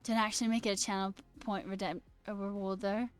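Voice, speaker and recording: A woman's voice: medium pitch, little pitch movement, fairly quick, smooth, faint music behind. A woman streaming casually, reading her chat aloud and chatting back, laughing often. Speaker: livestreamer and new software engineer.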